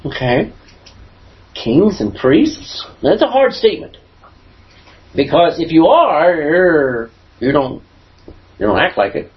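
A man leading a Bible class, his voice swinging up and down with lively emphasis as he quizzes the room. Slightly high for a man. The recording is dull and lo-fi. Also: takes it slowly, long pauses. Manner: asks the class questions, lively emphatic delivery. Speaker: pastor teaching a Bible class. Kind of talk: conversational Bible teaching.

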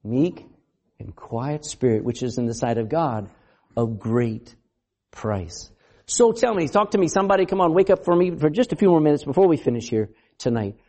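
A man's voice: mid-range voice, normal speed. A male pastor preaching a sermon, asking the congregation questions, laughing often and acting out quoted voices. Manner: animated, asks the congregation questions.

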